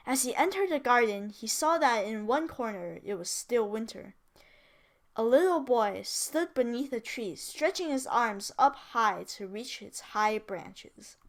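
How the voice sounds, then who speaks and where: A woman who teaches English, reading a story aloud in a chatty way, with casual asides and self-corrections. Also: a little high.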